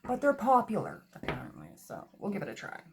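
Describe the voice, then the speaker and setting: A woman's voice: mid-range voice, wildly swooping pitch, fairly quick, vocal fry, heavy background noise. A woman giving a casual tarot reading, chatty and self-mocking, swearing freely, recorded on a phone. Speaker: tarot reader. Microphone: phone camera.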